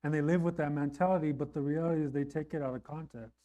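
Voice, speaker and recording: Warm-toned man preaching conversationally. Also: steady tone, fast. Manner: conversational preaching, frequent "right?" asides; rises in pitch and volume on emphatic lines. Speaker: pastor. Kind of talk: sermon.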